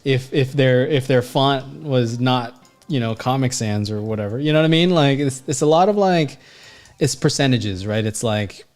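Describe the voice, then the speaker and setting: A man with a medium-pitched, slightly mellow voice teaches art on a livestream as an art instructor and designer. His talk is casual, blunt and profane, full of fillers like "you know what I mean"; he's emphatic and rambling, frequently restarting his sentences.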